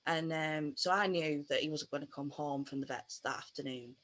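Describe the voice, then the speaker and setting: A woman in her thirties, a pet bereavement counsellor, telling a personal story on a video call with many pauses and fillers. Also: deep voice, fairly bright tone. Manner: hesitant, many fillers and restarts.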